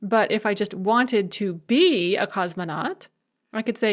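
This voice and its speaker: A woman professor giving a recorded video lecture, explaining clearly and slowing down for her example phrases. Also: mid-range voice, animated. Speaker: language professor.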